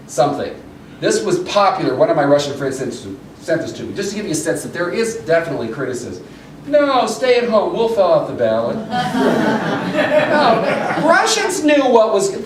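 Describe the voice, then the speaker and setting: Middle-aged male lecturer, hurried and excitable, lively high voice, recorded from afar in an echoey room. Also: slight background noise. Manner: hurried, excitable, many restarts. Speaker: political science lecturer. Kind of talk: animated public lecture. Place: breakfast meeting room. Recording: echoey room, mic far off.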